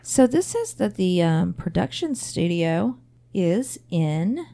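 A woman's voice: lowish voice, very animated, slow pace, vocal fry, warm tone. A woman co-hosting a podcast in casual chat, recapping events and reading details aloud. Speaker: podcast co-host.

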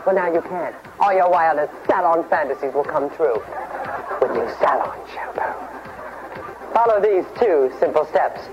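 A comic actor playing a smarmy male hair-product pitchman in an exaggerated commercial parody, on rough old TV audio. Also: moderate pace, hardly any pauses, lo-fi sound, background noise, natural voice. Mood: pitchy. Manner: exaggerated infomercial pitch, fake accent.

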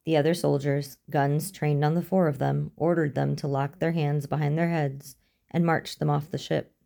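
A woman reading a story aloud as narrator, in a steady, even manner. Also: deep voice, moderate pace, creaky. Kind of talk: audiobook narration.

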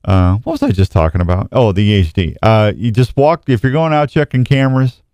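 Casting: low-voiced male radio host, smooth and dry studio sound, laid-back rambling delivery. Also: big pitch swings, brisk, darkish tone, no echo. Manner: rambling, self-deprecating, reads reports aloud. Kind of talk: casual outdoors radio talk. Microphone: studio microphone.

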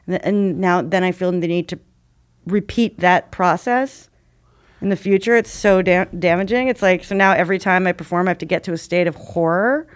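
A woman's voice: lowish voice, a little fast, clean tone. A woman stand-up comedian in casual conversation, rambling and self-reflective, with frequent restarts and fillers. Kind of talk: casual podcast chat.

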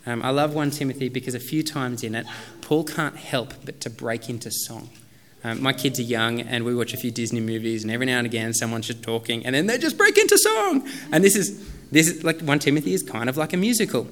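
A man's voice: medium pitch, very animated, a little fast, a bit bright. A man in his thirties preaching a sermon as a pastor, in a casual, conversational way with many fillers.

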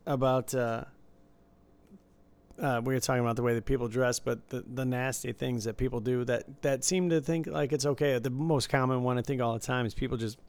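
A man's voice: medium pitch, fairly even intonation, brisk, darkish tone, clean tone. A man co-hosting a casual chat, who answers in an easygoing, agreeable way. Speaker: podcast co-host.

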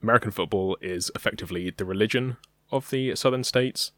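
Brisk and on the low side, this young adult from Britain co-hosts a podcast in relaxed conversation. He hesitates often and says um a lot; his tone is fairly bright, with no room sound.

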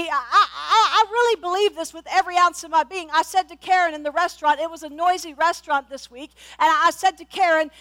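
A woman's voice: extremely high pitch, a bit bright. A middle-aged woman pastor preaching a sermon with passion, often repeating her words and stumbling on restarts.

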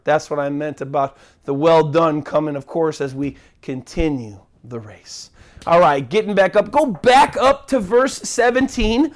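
A man's voice: on the high side, animated, unhurried. A man preaching a sermon as pastor, earnest, often repeating and restarting his words.

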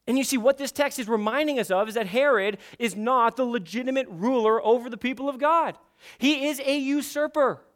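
A man preaching an expository sermon, emphatic and building to forceful peaks. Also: very high-pitched, a little fast, few pauses. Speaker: pastor.

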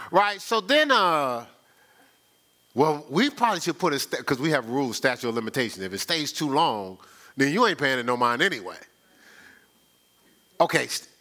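A man's voice: a little high, pushed and bright. A man preaching a conversational sermon, telling stories in a folksy, chatty way and often repeating himself. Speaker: pastor. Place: church sanctuary.

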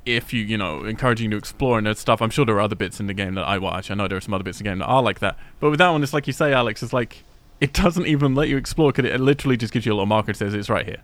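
A man chatting casually about a video game, retelling moments with swearing and animated asides. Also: on the low side, rapid-fire, few pauses.

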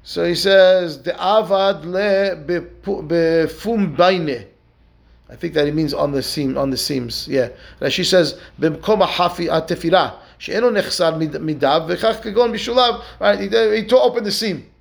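Man, rabbi, Talmud lesson, high voice, gravelly, rhetorical questions, keeps asking "right?". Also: normal speed, few pauses. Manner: explains step by step, asks and answers rhetorical questions; reads Aramaic and Hebrew text aloud, then translates.

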